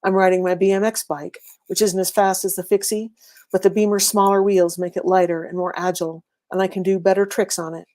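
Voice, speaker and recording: A woman reading a first-person serialized story aloud in a steady, wry, conversational way. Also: mid-range voice, fairly quick. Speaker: reader.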